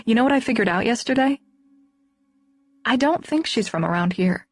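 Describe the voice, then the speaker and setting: A woman narrator voicing a tired, sharp-tongued young woman scientist who talks quickly and brusquely in an audiobook. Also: on the high side, expressive, no echo. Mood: brisk.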